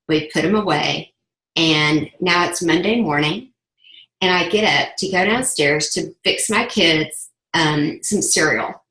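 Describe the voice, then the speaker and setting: A woman's voice: deep voice, a bit bright. A middle-aged woman, giving an earnest, impassioned personal testimony and repeating phrases for emphasis. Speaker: sales ambassador giving a testimonial. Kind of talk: emotional personal testimony speech. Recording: echoey room.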